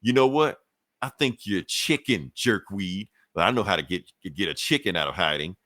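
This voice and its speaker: A man voicing a gruff male superhero soldier, taunting in casual slang. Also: low-pitched, expressive, moderate pace, fairly bright tone, no echo, clean studio sound.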